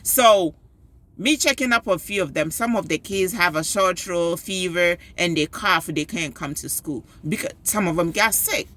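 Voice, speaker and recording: Bright-voiced woman telling a story. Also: fairly low pitch, moderate pace. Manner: animated, emphatic retelling. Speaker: parent and PTO volunteer. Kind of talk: storytelling advice vlog.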